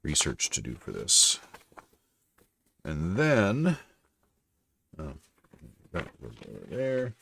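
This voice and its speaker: A man's voice: low-pitched, wildly swooping pitch, slow, creaky, pauses often, a bit bright, slight background noise. A Canadian man chatting casually on a live stream, rambling and chatty, now and then slipping into French. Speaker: livestreamer and voice-over narrator.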